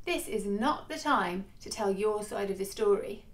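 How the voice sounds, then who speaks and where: A woman's voice: medium pitch, expressive, moderate pace. Woman narrating a relationship lesson. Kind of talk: scripted educational narration.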